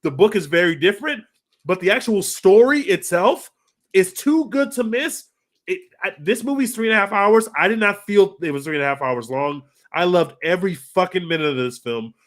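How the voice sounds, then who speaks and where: A podcast co-host in casual film review chat, talking excitedly and swearing freely as he gushes. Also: sits high, moderate pace.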